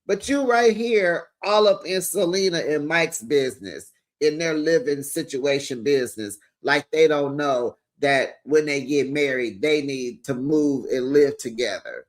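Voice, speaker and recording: A man's voice: fairly high pitch, a little slow, hardly any pauses. Sassy man recapping reality TV gossip. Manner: sassy, animated, talks straight to viewers.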